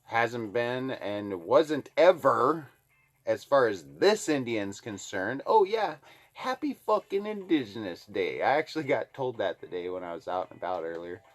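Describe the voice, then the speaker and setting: A man's voice: medium pitch, lively intonation, measured pace. A man from Alaska ranting heatedly to the camera, swearing constantly. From Alaska, USA. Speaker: vlogger. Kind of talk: angry political rant to camera.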